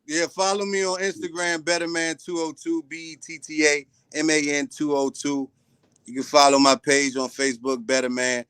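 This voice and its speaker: Laid-back male guest, smooth voice, stumbles over his words. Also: fairly high pitch, flat delivery, normal speed, fairly bright tone, dry recording, studio quality. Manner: laid-back, stammers and restarts. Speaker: guest and musician. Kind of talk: casual live-stream chat.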